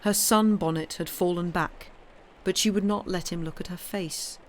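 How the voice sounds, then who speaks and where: Expressive woman reading a story aloud. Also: fairly low pitch, normal speed, slight background noise. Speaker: story reader.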